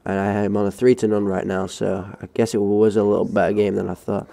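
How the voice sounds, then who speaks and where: A young Englishman with a low, gravelly voice telling a school story over gameplay. He sounds dark and mellow in tone, and his delivery is casual, rambling and sweary. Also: flat delivery, fast, a little hiss or hum. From England. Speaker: gaming channel host.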